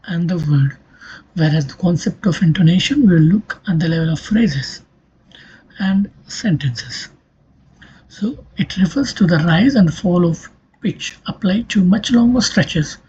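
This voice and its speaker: Patient lecturer with a mellow voice. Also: medium pitch, highs cut off, a little hiss or hum. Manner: explains step by step, repeating phrases and checking in with "okay" and "right". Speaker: linguistics lecturer. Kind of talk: recorded exam-prep lecture.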